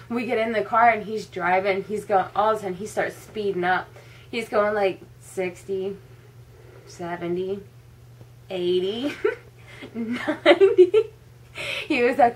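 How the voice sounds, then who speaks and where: A woman's voice: medium pitch, measured pace, slight background noise. A young woman vlogging, telling a funny story casually, laughing often and saying "like" a lot.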